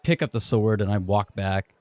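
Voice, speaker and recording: A man's voice: on the low side, normal speed, no echo. A man playing a tabletop game, describing his character's actions in a hesitant, offhand way. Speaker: player.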